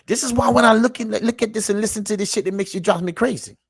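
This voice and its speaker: A man hosting his own show and reacting to clips with preachy commentary. He repeats himself, calls out to his audience, and swings from low muttering to loud emphatic shouting. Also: quick pace, husky, no echo, studio quality.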